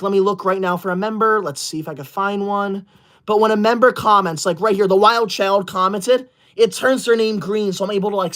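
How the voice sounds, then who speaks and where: A woman livestreamer chatting with viewers, scolding them in a mock-indignant, theatrical huff. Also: medium pitch.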